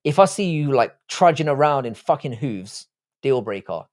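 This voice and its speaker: A young man hosting a live stream and answering the chat from his desk mic. He talks bluntly and crudely in a joking tone, swearing freely. His voice sits at a middle pitch. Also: lively intonation, moderate pace. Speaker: livestream host reading chat. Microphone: desk microphone, seated.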